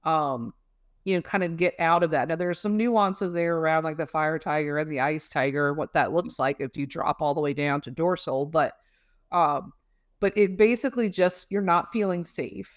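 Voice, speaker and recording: Dry-sounding woman explaining calmly. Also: low voice, normal speed, dry recording. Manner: conversational, many fillers, explains with homely images. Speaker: guest expert on emotional regulation. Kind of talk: casual explanatory interview talk.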